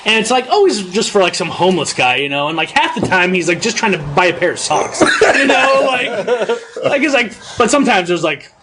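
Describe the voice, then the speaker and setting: A man's voice: sits high, very animated, a little fast, very noisy. A young man co-hosting a podcast, telling a profane story and laughing through it. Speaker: podcast co-host. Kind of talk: casual chat, storytelling.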